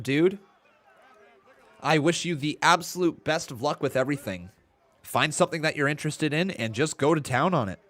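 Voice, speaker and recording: Speaking at a normal speed, a man in his twenties with a fairly high, slightly bright voice hosts a watch-along stream. Between yawns, he reads out chat and gives running play-by-play, a bit tired.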